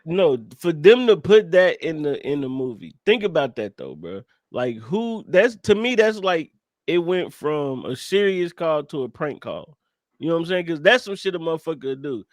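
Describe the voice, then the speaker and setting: A man's voice: on the high side, sing-song, normal speed, no room sound, studio quality. A man co-hosting a casual movie podcast, talking emphatically and with lots of profanity. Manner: emphatic, profane, keeps saying "you know what I'm saying". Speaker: podcast co-host. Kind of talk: casual movie-review chat.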